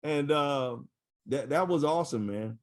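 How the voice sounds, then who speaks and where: A middle-aged retired army first sergeant, his voice on the high side and his pace measured, tells stories in an informal interview. He stays animated throughout, laughing frequently and using many fillers.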